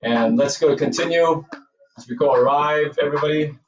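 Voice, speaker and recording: A man's voice: fairly high pitch, moderate pace, roomy sound, recorded from a distance, highs cut off, a little hiss or hum. A man with a Cebuano accent teaching a movement class, cueing breathing and counting while encouraging students. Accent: Filipino, Cebuano. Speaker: yoga and movement instructor. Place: dance studio.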